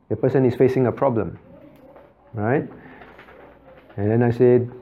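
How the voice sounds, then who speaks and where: A man's voice: medium pitch, steady tone, a little slow, pauses often, phone-quality sound. Pastor preaching, questioning his flock. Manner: asks the congregation frequent rhetorical questions; repeats phrases for emphasis. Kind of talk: sermon.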